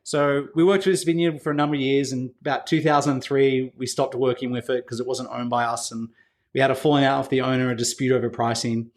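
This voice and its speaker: A man speaks as a podcast guest, casually spinning stories about his work at a winery. He leans on fillers like "like" and "you know" and acts out back-and-forth dialogue. His voice sits at an ordinary middle pitch for a man. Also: fairly even intonation, quick pace. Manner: anecdotal, acts out quoted dialogue with filler words. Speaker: winery executive, interview guest. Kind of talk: casual storytelling interview.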